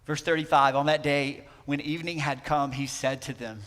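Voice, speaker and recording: A man's voice: fairly high pitch, little pitch movement, moderate pace. Conversational male pastor in a reverberant sanctuary. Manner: conversational preaching, swinging between emphatic and hushed. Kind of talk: sermon. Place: church sanctuary.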